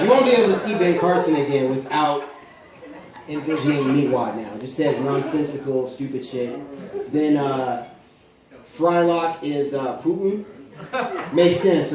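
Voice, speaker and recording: A young man doing a rambling, profane stand-up set on stage, with lots of fillers and a deadpan delivery. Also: fairly high pitch. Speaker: stand-up comedian. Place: comedy club stage. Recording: echoey club from far off, crowd laughing. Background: audience laughter.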